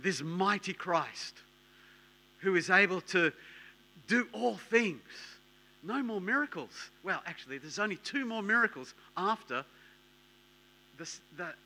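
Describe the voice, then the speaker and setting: Male preacher, slightly high voice, bright and emphatic, repetitive sermon delivery. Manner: emphatic, repetitive, swings between hushed and loud.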